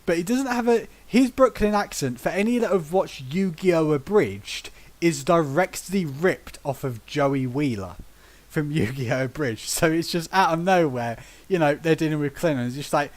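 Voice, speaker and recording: With a slightly high voice at a moderate pace, this British podcast host relaxes into tales from tabletop games. He performs the quotes with gusto and breaks into laughter frequently.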